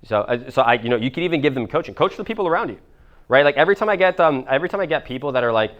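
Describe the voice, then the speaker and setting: A man's voice: fairly high pitch, animated, very fast, fairly bright tone. A man in his twenties, a business coach answering audience questions, talking casually with lots of fillers and swearing. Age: 20s. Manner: acts out others' voices in quoted dialogue. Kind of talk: live coaching Q&A.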